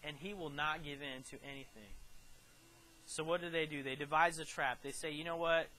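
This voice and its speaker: A man preaching a sermon, retelling a scripture story with lively storytelling and acted-out quotes that swing from quiet to loud. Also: fairly high pitch, normal speed, a little hiss or hum, low-quality recording. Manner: animated storytelling, acting out quotes with big swings in loudness.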